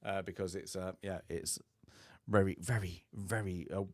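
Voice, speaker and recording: A man's voice: deep voice, fairly even intonation, moderate pace, no echo. Male podcast host, casual rambling film chat, dry close mic. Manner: rambling, many fillers, acts out film lines with laughs.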